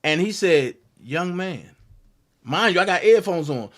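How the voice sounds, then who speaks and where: A young man telling a story about his college days, acting out the voices of the people in it with loud jumps. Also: high voice, animated, measured pace. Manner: acts out quotes with big loud jumps in voice. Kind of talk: animated storytelling.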